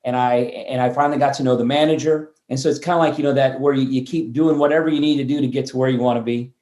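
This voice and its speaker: A man in his fifties, a guest on an interview show, telling stories in a lively way and often restarting words mid-sentence. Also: medium pitch, fast. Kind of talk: storytelling interview chat. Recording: roomy echo.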